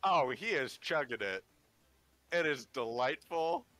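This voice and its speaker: A man's voice: takes it slowly, no room sound. A man playing a tabletop game, chatting playfully and laughing as he describes his character. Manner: playful, laughing, very lively pitch. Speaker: player. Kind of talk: casual tabletop play.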